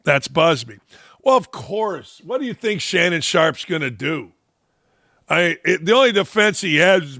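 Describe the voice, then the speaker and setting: Male sports talk host, brash, mocking, bright edgy tone, dry close sound. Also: a little high, expressive, measured pace, dry recording. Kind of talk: opinionated sports talk commentary.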